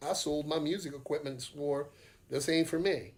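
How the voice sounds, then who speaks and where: A man's voice: a little high, moderate pace. A middle-aged man with a Southern US accent, a metal singer telling rambling stories in a casual podcast chat, swearing and laughing easily. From Louisiana, US. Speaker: metal band singer and guitarist, podcast guest.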